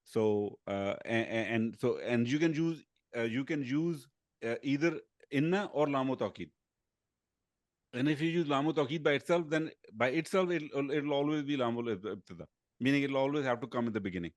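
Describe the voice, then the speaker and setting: A man's voice: medium pitch, moderate pace, no echo. Hesitant man explaining grammar. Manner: explanatory, hesitant with frequent fillers. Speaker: Arabic grammar teacher. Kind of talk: online class discussion.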